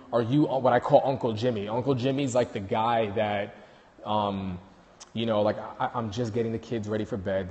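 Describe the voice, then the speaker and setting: A man's voice: on the low side, darkish tone, in a large hall. A man with a New York accent, a dog trainer hosting a casual livestream on his phone, talking loosely with many fillers and restarts.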